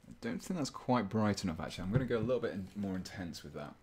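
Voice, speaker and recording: A man's voice: fairly low pitch, expressive, racing, darkish tone, breathy edge. A man hosting a live stream, chatting casually and playfully while he paints, rambling and poking fun at himself. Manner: rambling, playful, self-mocking, thinks aloud.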